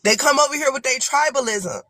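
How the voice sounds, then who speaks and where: A woman's voice: high-pitched, animated, brisk, sharp tone, no echo. A woman with an African American accent giving a blunt, profane, rambling rant as a guest on a live stream panel. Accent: African American English.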